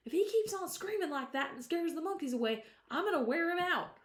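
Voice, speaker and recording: A woman voicing an excited young country boy. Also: extremely high pitch, a little fast, pitched above the performer's own voice. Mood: hushed excitement. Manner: hushed, urgent talking to his dog. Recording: roomy echo.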